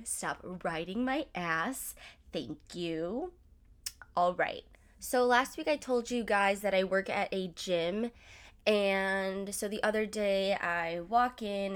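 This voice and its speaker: A woman's voice: medium pitch, fairly bright tone. A woman in her twenties telling stories to her viewers, chatty and profane, with "like" in nearly every sentence. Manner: chatty, swears a lot, filler "like" everywhere. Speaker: vlogger. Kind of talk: casual storytelling.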